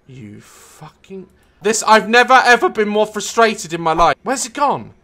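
Guy, gameplay commentary, swears a lot, leaps into yelling, bright voice. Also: sing-song, measured pace. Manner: frustrated, swearing, bursts into high shouts. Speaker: gameplay video maker.

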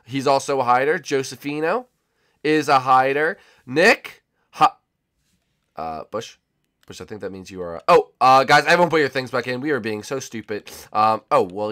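A young man giving casual, excitable let's-play commentary as a gaming YouTuber, swinging from loud shouts to low muttering.

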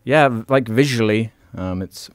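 A man's voice: on the low side, moderate pace, clear, resonant tone, no room sound, soft background music. A man co-hosting a casual podcast, joking and teasing and swearing freely. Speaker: podcast co-host. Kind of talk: casual podcast chat over a call.

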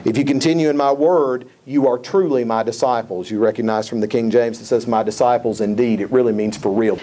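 A man's voice: mid-range voice, normal speed, dark tone. A male pastor preaching a sermon, emphatic, repeating key phrases and quoting scripture.

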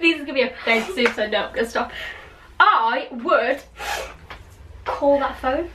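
A woman's voice: sits high, a little slow, pushed and bright. A young woman, a guest in a casual vlog, playful and laughing easily. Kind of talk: casual chat. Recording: echoey room, distant mic, faint noise.

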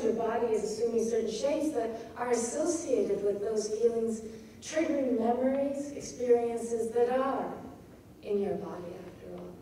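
Soft-toned woman lecturing in an echoey room. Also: fairly high pitch. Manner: thoughtful, pauses to search for words. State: feeling cold. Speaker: poetry teacher. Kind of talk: informal lecture on poetry. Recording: distant mic in a very echoey room with faint noise.

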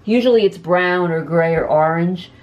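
A woman's voice: lowish voice, moderate pace, lo-fi sound. A woman volunteering for a pet rescue, chatting casually and gushing while she shows a cat up for adoption, often cooing to it in a sing-song voice, in a dim indoor room. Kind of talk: casual adoption video chat.

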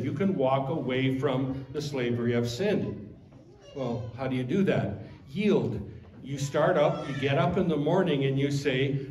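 Slow, emphatic male pastor preaching. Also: a little hiss or hum. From Canada. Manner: emphatic preaching, swells loud on key points then drops low. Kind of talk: sermon. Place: church sanctuary. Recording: echoey church room, faint ambience.

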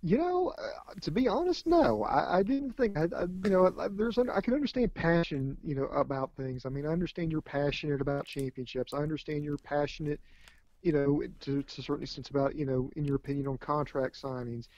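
A man's voice: fairly high pitch, expressive, fairly quick, a little mellow, dry recording, highs cut off. A man co-hosting a casual wrestling review, joking easily and talking with many fillers. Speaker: podcast co-host.

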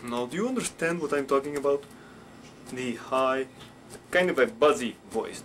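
A man's voice: mid-range voice, lively intonation, moderate pace, a bit bright, a little hiss or hum. A man teaching puppet voices in a rambling, playful way. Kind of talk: instructional puppet show.

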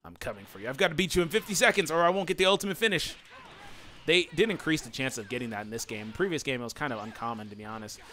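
A man doing let's play commentary, excitable and yelling taunts at his opponents over faint game music. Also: medium pitch, very fast. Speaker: gaming channel host.

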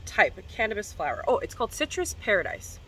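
A woman's voice: mid-range voice, sing-song, quick pace, fairly bright tone, slight background noise, rough recording. A young woman vlogger in casual chat to camera, slangy and profane, coughing now and then. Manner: chatty, slangy and profane, coughing between hits.

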